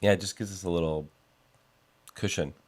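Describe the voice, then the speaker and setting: A laid-back man co-hosting a casual podcast with dry comments. His voice is notably low, and he speaks in a relaxed way. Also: moderate pace, breathy edge. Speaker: podcast co-host. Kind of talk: casual chat.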